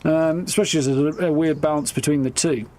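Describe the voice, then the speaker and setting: A man's voice: a little high, steady tone, quick pace, darkish tone, slight background noise. A man giving casual, rambling live gameplay commentary, thinking aloud. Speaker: streamer.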